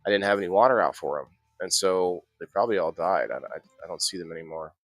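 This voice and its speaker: A man's voice: low-pitched, fast talker, fairly bright tone, dry recording, studio quality. A man hosting a casual indoor gardening live stream, chatting loosely with plenty of restarts. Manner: rambling, chatty, frequent restarts and laughs. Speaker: host of an indoor growing show.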